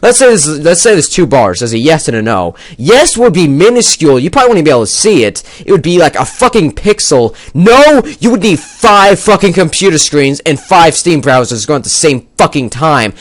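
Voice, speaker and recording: A man's voice: fairly high pitch, sing-song, normal speed, few pauses, no echo. A young man ranting angrily about a game, swearing a lot and rambling as he argues his point. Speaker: gaming video maker. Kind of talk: angry rant to camera.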